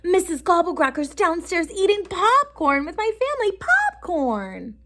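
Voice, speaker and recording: Woman doing a bold little girl, high and loud, storybook. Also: big pitch swings, unhurried, noisy background, full character voice. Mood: excited.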